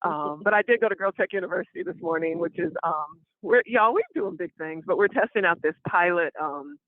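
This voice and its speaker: A woman co-hosting a podcast in casual chat, talking in a lively, expressive way. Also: fairly low pitch, fairly quick, dry recording. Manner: lively, expressive, quotes others playfully. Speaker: podcast co-host. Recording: dry, tinny phone-like line.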